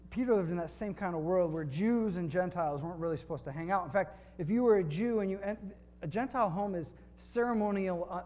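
Man preaching in a relaxed, wry way. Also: on the high side, slight background noise. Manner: conversational, wry storytelling with scripture reading. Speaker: pastor. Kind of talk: sermon with storytelling.

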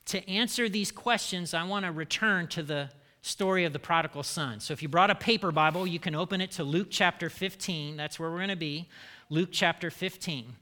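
Bright-voiced male preacher. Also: a little high, a little fast, in a large hall. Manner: rhetorical questions to the congregation. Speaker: pastor. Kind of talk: sermon.

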